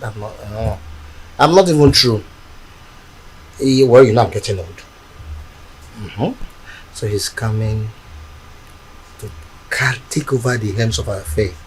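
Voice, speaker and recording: An actor with a Nigerian accent playing an affectionate aging husband and father in a film, speaking gently and teasingly. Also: on the low side, measured pace, pauses often, slight background noise, close to an everyday voice, low-quality recording. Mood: fond. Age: older. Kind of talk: film dialogue.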